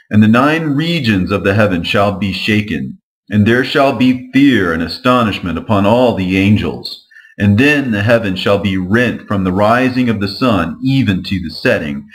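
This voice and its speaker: Man reading scripture slowly, low voice. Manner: slow, measured, grave delivery. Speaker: scripture reader.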